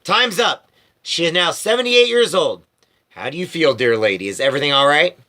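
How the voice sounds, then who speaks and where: A man voicing a brisk, eccentric grown man in charge, with theatrical announcing, in a storybook reading. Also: on the high side, animated, pushed and bright. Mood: soothing.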